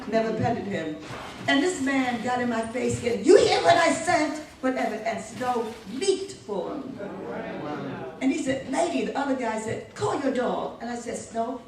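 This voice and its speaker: Older woman, lively storyteller, fairly high voice, big echoey hall, far from the mic. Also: background noise. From United States. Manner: lively, laughing, acts out quoted voices. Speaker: poet being interviewed. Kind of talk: animated storytelling. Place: museum hall.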